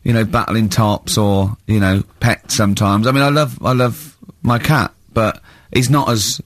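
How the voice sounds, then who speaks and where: A man's voice: fairly low pitch, moderate pace, no room sound, clean studio sound. A man with an English accent hosting a comedic radio show, mocking and telling stories with frequent giggling. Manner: giggly, mocking, animated storytelling. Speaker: radio host. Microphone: studio microphone.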